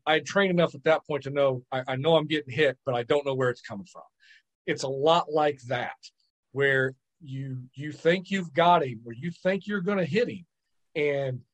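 A man, a podcast guest, telling stories in lively casual chat, often repeating words and checking in with "right?". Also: on the high side. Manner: animated storyteller, repeats words and asks "right?". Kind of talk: casual storytelling.

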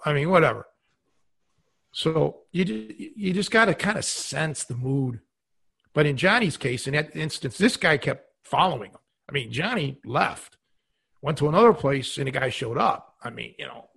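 A man's voice: fairly high pitch, lively intonation, moderate pace, vocal fry, fairly bright tone, breathy edge. A man co-hosting a podcast, talking casually with many fillers and giving earnest advice. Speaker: podcast co-host.

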